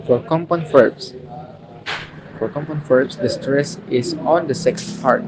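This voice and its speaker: A young man from Indonesia reads a lesson very slowly, saying every example word over and over with care. His voice sits in an ordinary middle pitch. The chatter of a crowd carries on behind him. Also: low-quality recording. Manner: slow, careful, repeats each example word. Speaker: university student. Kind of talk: reading a recorded phonology lesson.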